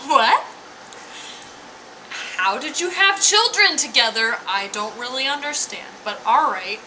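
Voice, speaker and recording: A woman's voice: a little high, lively intonation, moderate pace, sharp tone, a little hiss or hum, poor audio. A tipsy woman giving a rambling, giggly, profane comic review. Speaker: anime reviewer.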